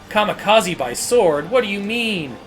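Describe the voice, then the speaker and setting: A man streaming a game with casual, excitable commentary, laughing often and swearing freely. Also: high voice, slow, soft background music.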